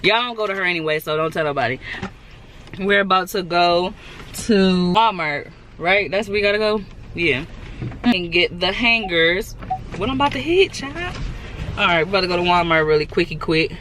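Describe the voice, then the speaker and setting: A young woman tells stories in a casual vlog. She talks into a handheld phone from her car and a store aisle. She is chatty and animated, slipping into playful voices for the people she quotes. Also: fairly low pitch, moderate pace, a little hiss or hum. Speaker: vlogger.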